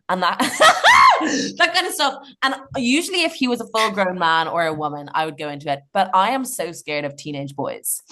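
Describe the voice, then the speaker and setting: A woman's voice: low-pitched, a bit bright. A young woman, a comedian guest on a podcast, telling stories in a chatty way, laughing often and swearing casually. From Ireland.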